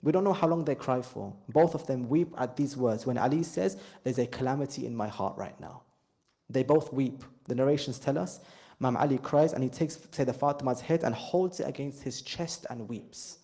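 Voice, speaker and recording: A man narrating a slow, grieving story as a sermon speaker in a mosque, with heavy pauses. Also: medium pitch, warm tone. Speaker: majlis speaker.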